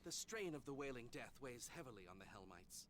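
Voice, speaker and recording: A man's voice: medium pitch, expressive, fairly quick, a bit bright, slight background noise, close to an everyday voice. A man voicing a weary, solemn priest. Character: earnest middle-aged male priest, weary but hopeful. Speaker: priest of Tyr. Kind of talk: video game voice acting.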